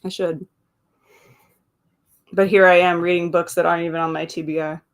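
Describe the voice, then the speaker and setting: A woman's voice: on the low side, little pitch movement, moderate pace. A woman hosting a casual live stream, reading viewer comments aloud and chatting between them, laughing often and drifting into asides. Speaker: livestream host.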